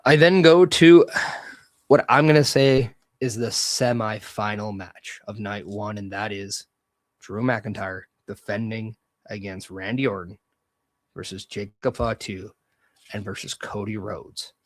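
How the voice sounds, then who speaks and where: Low-voiced man hosting a podcast. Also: a little slow, no echo. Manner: energetic, opinionated, loose fantasy-booking talk. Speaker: podcast host. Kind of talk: casual solo commentary.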